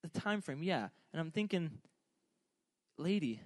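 Young man preaching, slightly high voice, joking and rambling, dry close sound. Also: expressive, a little fast, dry recording. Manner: joking, rambling, self-deprecating. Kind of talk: humorous casual sermon.

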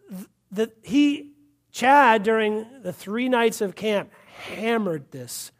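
A man from Massachusetts preaching a fervent sermon, repeating points and calling out hallelujahs. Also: high voice. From Massachusetts, USA. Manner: fervent, repetitive, punctuated with hallelujahs.

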